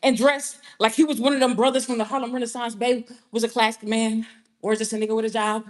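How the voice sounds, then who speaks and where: A woman's voice: a little high, level tone, fast talker. A young woman from Georgia with a Southern accent, performing a comic spoken-word piece in a conversational storytelling manner, chatting to the audience between lines. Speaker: performance poet.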